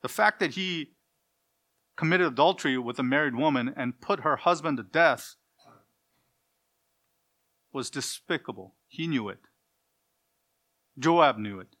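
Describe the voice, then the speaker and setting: A man preaching a sermon in an earnest, pleading way, asking his listeners direct questions and shifting between loud emphasis and quiet passages. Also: on the high side, lively intonation, a little slow, pauses often.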